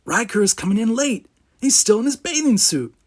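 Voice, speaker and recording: A man voicing Geordi, an earnest, anxious young male cadet, his voice lifted high and loud for the urgent lines. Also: brisk, heavily acted. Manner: raising pitch and volume for excited lines.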